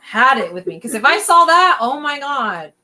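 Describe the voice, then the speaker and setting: A woman's voice: high voice, normal speed, low-quality recording. A young woman, a podcast guest, telling a personal story in casual late-night chat. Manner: animated storyteller, acts out quotes.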